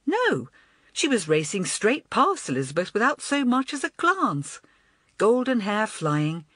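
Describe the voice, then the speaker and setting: A woman narrates a children's storybook with lively, rising and falling delivery. She reads expressively at a middle pitch. The recording is close and dry. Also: breathy edge, dry recording. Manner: expressive, animated. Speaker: audiobook narrator.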